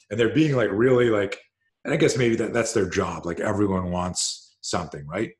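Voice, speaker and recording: A man from Canada telling a story on a video call, lively and swearing, acting out what people said. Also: fairly low pitch, normal speed. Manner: animated, swears, acts out quoted speech. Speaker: self-defense coach and host.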